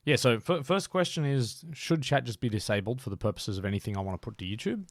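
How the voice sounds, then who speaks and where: A man's voice: medium pitch, animated, fast, no echo. A man streaming a game live, chatting with viewers and giving a tutorial, thinking aloud and poking fun at himself.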